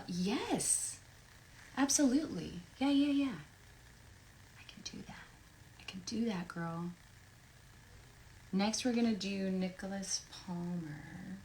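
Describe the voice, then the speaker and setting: A woman's voice: on the low side, darkish tone, a little hiss or hum, low-quality recording. A woman from Tennessee, a voice actress chatting playfully from home while she signs autographs during a live stream. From Tennessee, USA. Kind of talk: casual livestream chat. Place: home, near her recording booth. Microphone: desk microphone.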